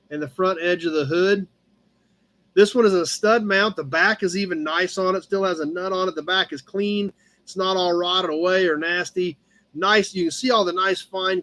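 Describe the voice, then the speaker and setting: High-pitched guy running a live auction stream, chatty and easygoing, calls bids on a timer. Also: fairly bright tone. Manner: chatty, talks to his cat between bids. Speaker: host auctioning car badges.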